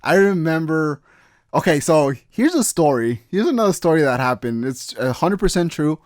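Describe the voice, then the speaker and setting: A man's voice: fairly high pitch, very animated, moderate pace, a little mellow, dry recording, clean studio sound. A young man hosting a casual podcast chat, hesitant with many fillers and restarts. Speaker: podcast host.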